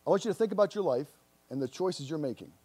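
Earnest high-voiced male pastor preaching. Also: lively intonation, fast, warm tone, husky. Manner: earnest, repeats words, pleading questions to the congregation. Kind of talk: sermon. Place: church.

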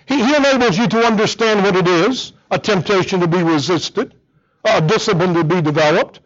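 This preacher has a high voice and talks a little fast, captured with lo-fi sound. Earnest and emphatic, he keeps repeating words to hammer his points.

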